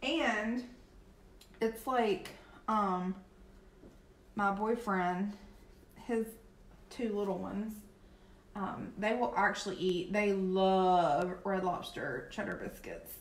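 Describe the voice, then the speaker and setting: A woman's voice: mid-range voice, slow pace, long pauses. A young adult woman with a Southern US accent chatting casually while painting on a live stream, reading and answering viewer comments. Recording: echoey room with faint background noise.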